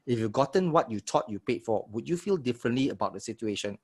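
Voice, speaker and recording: Husky-voiced man teaching sales. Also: mid-range voice, fast. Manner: energetic, checks in with audience often. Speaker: sales trainer. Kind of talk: live online workshop teaching.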